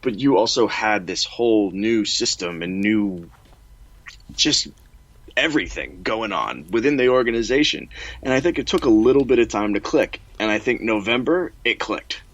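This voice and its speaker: A man's voice: on the low side, lively intonation, moderate pace, a bit bright, no echo, muffled recording. A man co-hosting a casual sports podcast, enthusiastic and self-deprecating.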